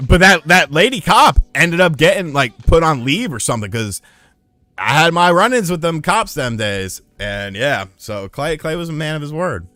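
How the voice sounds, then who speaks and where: A man's voice: fairly high pitch, moderate pace, dry recording. A man streaming live, telling rambling, profane stories in casual chat. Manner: profane, rambling, animated storyteller. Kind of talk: casual storytelling on a livestream.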